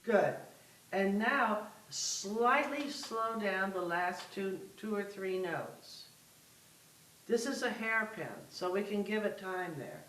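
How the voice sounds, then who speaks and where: A woman's voice: medium pitch, expressive, slow pace, a bit bright, reverberant, distant mic, low-quality recording. A woman music teacher coaching a student in a masterclass, patient and giving step-by-step instructions over a video call.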